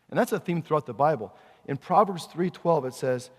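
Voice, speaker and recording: A man's voice: fairly high pitch, animated, moderate pace, long reverb tail. A male pastor preaching a sermon in a conversational way, asking the congregation questions as he goes.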